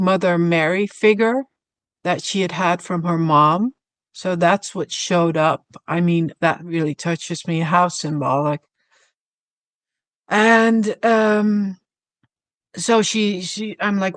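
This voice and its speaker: Slow soft-spoken woman, reflective story, dry close mic. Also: on the low side, dry recording. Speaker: podcast guest.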